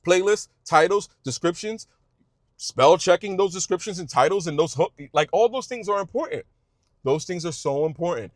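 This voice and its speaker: Male creator, passionate advice-giver; lively swooping pitch, stumbles and restarts, folksy. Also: no room sound, studio quality. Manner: emphatic, repetitive, stumbling restarts; informal speech, says y'all. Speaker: YouTube creator giving advice. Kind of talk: passionate direct-to-camera advice.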